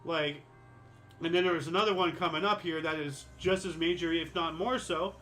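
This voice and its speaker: A man's voice: fairly high pitch, steady tone, normal speed, pushed and bright, faint music behind, poor audio. A man hosting a history show, reading through dates with sarcastic asides and correcting himself, his voice a little dry and cracking. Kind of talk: casual commentary reading dates.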